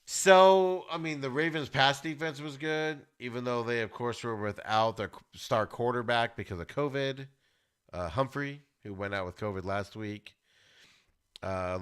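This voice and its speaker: A man hosting a podcast, giving an animated, ranting football recap with plenty of exclamations. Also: medium pitch, clear, resonant tone. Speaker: podcast host.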